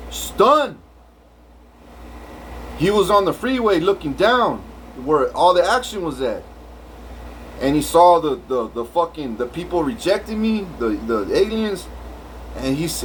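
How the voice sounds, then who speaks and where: Man, rambling storyteller, swears constantly, stumbles and restarts, voice a little high. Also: slight background noise, poor audio. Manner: rambling, profane, many restarts. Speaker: vlogger.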